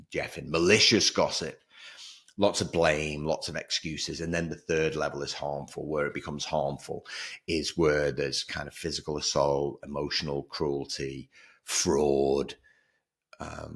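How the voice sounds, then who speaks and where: A man hosting a solo podcast, talking in an energetic, emphatic way and repeating words for stress. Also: a bass voice. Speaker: podcast host.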